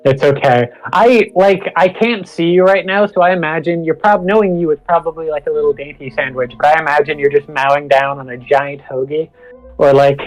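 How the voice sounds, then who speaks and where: A man's voice: a little high, moderate pace, faint music behind, rough recording. A man joining a livestream remotely, chatting casually with playful, joking asides. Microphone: remote call.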